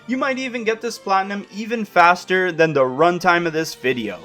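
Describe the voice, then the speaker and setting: A man's voice: sits high, brisk, pushed and bright. A young man narrating a scripted trophy guide for video games, with wry, self-deprecating asides. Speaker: game guide host. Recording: voice-over over faint music.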